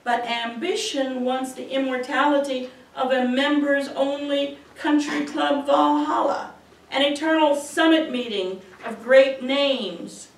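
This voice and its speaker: A woman poet giving a measured, expressive reading of her poems in a university auditorium. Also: high-pitched. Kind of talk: poetry reading. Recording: echoey auditorium from far off.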